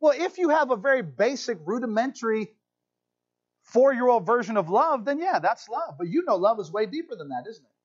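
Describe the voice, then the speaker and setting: Guy preaching w a country accent, pretty high voice, kinda dull lo-fi sound. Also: brisk, husky. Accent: Southern US country. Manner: animated preaching, asides to congregation. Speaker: pastor. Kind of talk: sermon.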